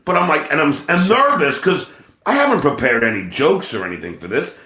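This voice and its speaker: A male comedian and podcast host, telling an animated story full of stammered restarts. His voice is bright and sits a bit high, swinging widely in pitch. The room around him rings with echo. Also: brisk. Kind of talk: casual storytelling chat.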